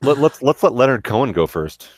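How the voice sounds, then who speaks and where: A man's voice: mid-range voice, sing-song, fairly quick, dry recording. A man co-hosting a podcast in casual chat, stammering on restarts and pushing the talk along. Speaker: podcast co-host.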